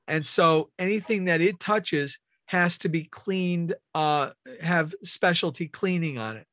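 A man's voice: sits high, fairly bright tone, no room sound, studio quality. A man leading a team training meeting, explaining step by step and asking questions of the room.

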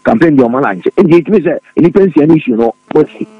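Fast, excitable man on studio radio. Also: fairly high pitch, vocal fry, narrow, tinny audio, a crowd in the background. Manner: fast, excitable, many repeated words. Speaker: radio talk show panelist. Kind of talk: animated political radio discussion.

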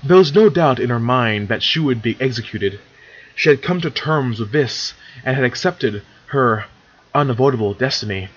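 In dull-sounding audio, a man with a medium-pitched, breathy voice and lively intonation reads fan fiction at a moderate pace. The casual read-along narration finds him stumbling, correcting himself, and making chatty side comments.

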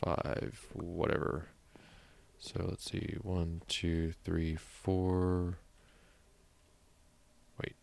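Deep gravelly man narrating gameplay. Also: level tone, extremely slow, pauses often, darkish tone. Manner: chatty, thinks aloud, mutters counts under his breath. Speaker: let's play host. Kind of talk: casual gameplay commentary.

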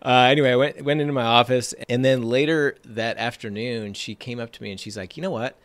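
Male trading-podcast host, upbeat motivational talker, punchy repetition, average pitch, dead-dry recording. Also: brisk, no echo. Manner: energetic, emphatic, repeats phrases for effect.

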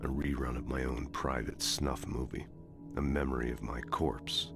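An actor playing a weary hard-boiled detective narrating a grim noir monologue in a video game. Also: male voice, extremely low pitch, flat delivery, moderate pace, creaky, over music.

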